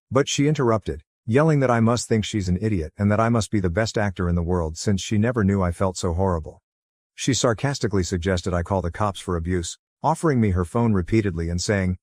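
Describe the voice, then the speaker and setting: A man with a deep, low voice narrates a personal story in steady, measured tones. The sound is close and dry, with no room around it. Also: no echo. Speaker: narrator of a forum post.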